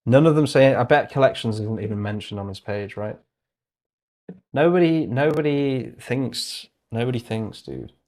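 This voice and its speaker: Excitable young man thinking aloud. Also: mid-range voice, moderate pace. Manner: thinking aloud, excitable, laughs often, mutters asides. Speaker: host. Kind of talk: casual livestream commentary.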